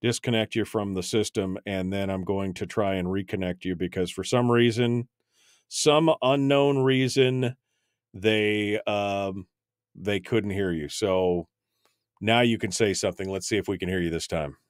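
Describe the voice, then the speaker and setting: A man's voice: fairly low pitch, a little slow, dry recording. A male talk radio host speaking live on air, rambling and flustered as he fixes failing studio gear, with many restarts.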